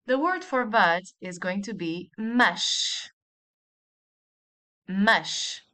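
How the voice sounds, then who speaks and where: A woman teaching a language lesson, speaking slowly and clearly and repeating model words for the listener. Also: medium pitch, sharp tone. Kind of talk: scripted language lesson narration.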